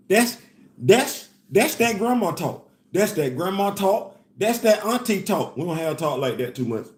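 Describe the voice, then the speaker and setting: An animated man with hosts a casual commentary, his voice sitting a little high for a man. He keeps circling back to the same phrases and breaks into laughs. The sound rings in a roomy, echoey space. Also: measured pace. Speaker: host. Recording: echoey room.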